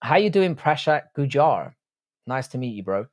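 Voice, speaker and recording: A man's voice: medium pitch, big pitch swings, moderate pace, no echo. Swearing, bantering man, dry sound. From United Kingdom. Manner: profane, bantering, slangy. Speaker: livestream host. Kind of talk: casual livestream chat reading viewer comments.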